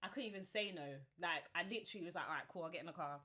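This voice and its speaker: A woman's voice: fairly low pitch, rapid-fire, pushed and bright. A woman in her twenties with a London accent, telling her story animatedly with plenty of slang as a podcast guest. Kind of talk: casual chat.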